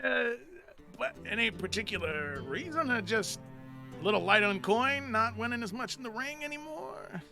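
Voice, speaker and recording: A man's voice: extremely high pitch, expressive, normal speed, gravelly, over music, voice pushed up, heavily acted. A man voicing a boisterous tusked male brawler who swears, teases and laughs a lot. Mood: teasing.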